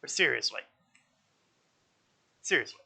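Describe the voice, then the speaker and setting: A man's voice: a little slow, pushed and bright, poor audio. A man casually commenting while playing a game on a live stream, chatty and self-mocking as he thinks aloud.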